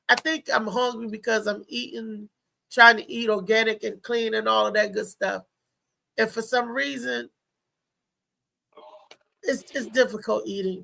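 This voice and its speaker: A middle-aged woman comedian with a gravelly, bright voice tells a loose, rambling story in casual talk-show banter. She laughs a lot and restarts her sentences as she goes. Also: medium pitch.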